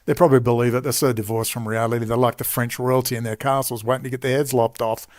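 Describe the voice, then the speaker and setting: A man's voice: medium pitch, level tone, quick pace. A middle-aged man with an Australian accent, telling a long personal story with emphatic asides and frequent digressions. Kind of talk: rambling personal storytelling monologue.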